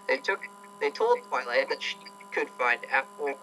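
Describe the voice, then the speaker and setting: A man's voice: medium pitch, sing-song, moderate pace, sharp tone, a little hiss or hum, poor audio. A man doing a comedic reading of fan fiction aloud, irreverent and swearing, often breaking off to laugh.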